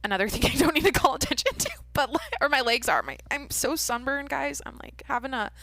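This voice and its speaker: A woman's voice: sits high, very animated, a little fast, fairly bright tone, no echo. A young woman hosting her own podcast, rambling casually and candidly with lots of filler words, small restarts and giggles. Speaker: podcast host. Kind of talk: casual solo podcast chat. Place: home room with closed windows.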